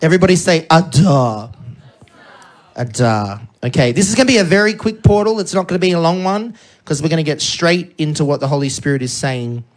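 An energetic preacher delivering a sermon who keeps checking in with the congregation. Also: medium pitch, a little fast. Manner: energetic, checks in with frequent "okay?".

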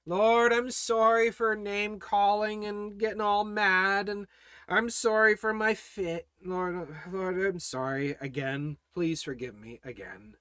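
A man teaching a Bible study as a sermon, preaching with passion and swinging between loud declarations and hushed, prayerful passages. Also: high voice, steady tone, slow, clean tone, no room sound, clean studio sound.

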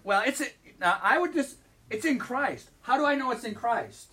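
A man's voice: extremely high pitch, animated, normal speed, sharp tone, distant mic. A man preaching a sermon in a church as pastor, talking conversationally and asking the congregation questions. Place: church sanctuary.

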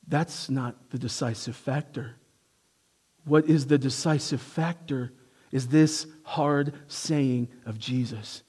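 A man preaching a sermon, emphatic and swinging from hushed to forceful, who asks his congregation rhetorical questions. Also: mid-range voice, slightly rough.

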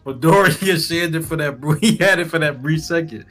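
Easygoing male co-host, teasing, laughs a lot, music clearly underneath. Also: a little high, normal speed, a bit bright. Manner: laid-back teasing, laughs often. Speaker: podcast co-host. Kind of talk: casual chat.

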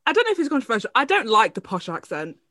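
A woman's voice: fairly high pitch, huge pitch swings, racing, pushed and bright, no echo, clean studio sound. A young woman co-hosting a podcast, frank and friendly as she welcomes listeners. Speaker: podcast co-host. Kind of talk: casual chat.

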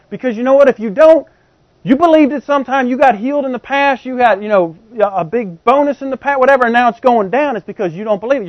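A man with a notably high voice delivers a teaching sermon, talking to his congregation like a conversation and checking in with them often. The recording sounds dry and close, with a slightly dull, muffled top end. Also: no room sound. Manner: explains by everyday examples. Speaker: preacher.

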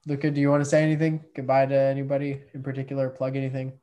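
Man, mid pitch, calm, placating, casual podcast host. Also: racing, lo-fi sound.

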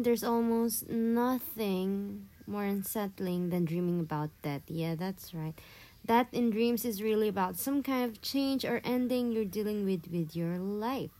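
A woman's voice: mid-range voice, warm tone. Young woman asking casual questions. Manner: prompting, asks questions. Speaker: podcast co-host. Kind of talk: casual chat.

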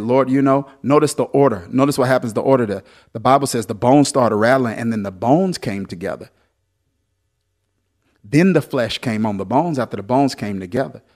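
A man preaching a sermon as pastor, swinging between loud, lively exhortation and softer storytelling. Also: medium pitch.

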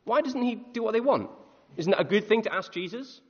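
A male preacher gives a chatty, animated sermon and keeps asking his listeners questions. His voice sits a little high, with a slightly husky edge and lively rises and falls. The sound is dull and lo-fi, with a long echo from a church hall. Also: brisk. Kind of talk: conversational sermon.

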